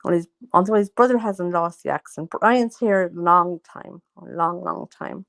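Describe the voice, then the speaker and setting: A woman's voice: fairly low pitch, moderate pace, gravelly, a bit bright, dry recording. A woman chatting casually at home, rambling through stories with plenty of fillers. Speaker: host. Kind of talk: casual chat.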